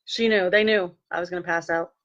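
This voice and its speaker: A woman telling a personal story in a lively way, acting out what people said and turning earnest when she speaks of faith. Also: on the low side, fairly quick, lo-fi sound. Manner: animated, acts out quoted dialogue. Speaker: vlogger sharing a personal testimony.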